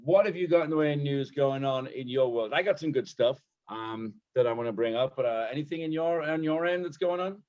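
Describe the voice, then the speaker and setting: A man's voice: mid-range voice, a little mellow. Joking British man, muffled audio. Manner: joking, quick-witted teasing. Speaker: podcast co-host. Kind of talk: casual banter.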